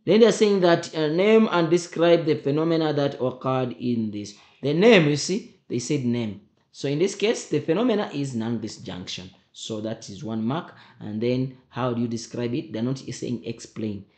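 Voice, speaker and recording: Male teacher, emphatic and repetitive, mid-pitched voice, echoey room. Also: lively intonation, normal speed, hardly any pauses, darkish tone. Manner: repetitive, emphatic, often checks understanding. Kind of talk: exam memo walkthrough lesson.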